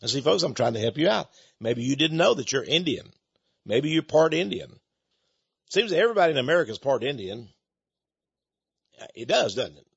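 A man from Texas talks on and on in a loose, folksy monologue, speaking straight to his listeners. His voice sits a bit high and has a husky edge. The recording is dry and dull, with a lo-fi sound. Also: very animated, brisk, pauses often, no room sound. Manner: folksy, meandering, addresses folks directly.

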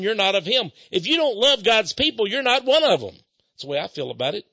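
A man hosting a radio talk show in an impassioned, preaching manner, swinging between loud outbursts and low asides. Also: big pitch swings, brisk, no echo, highs cut off.

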